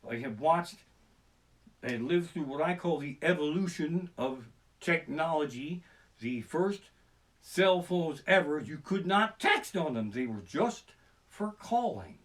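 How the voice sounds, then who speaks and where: A man ranting through a profane stand-up story, talking fast and jumping into panicked shouted voices. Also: a little high. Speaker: comedian. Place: living room. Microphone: basic home streaming setup.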